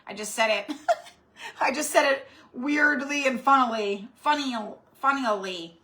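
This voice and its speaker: At a measured pace, a woman with a high, pushed and bright voice leads a live-stream craft tutorial. The craft channel host is chatty and rambling, calling out viewers by name in greeting.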